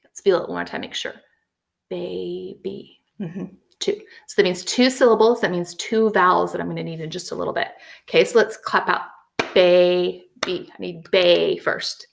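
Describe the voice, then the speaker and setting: A woman teaching young children a phonics lesson, patient and encouraging, slowly sounding out letters and words. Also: fairly low pitch, expressive, gravelly. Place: at home with a whiteboard.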